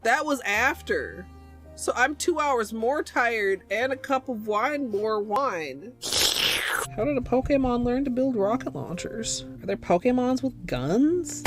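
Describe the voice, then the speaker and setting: A woman's voice: fairly high pitch, animated, unhurried, soft background music. A young adult woman chatting on a livestream, crude, goofy and self-mocking. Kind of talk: casual livestream chat. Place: home streaming setup.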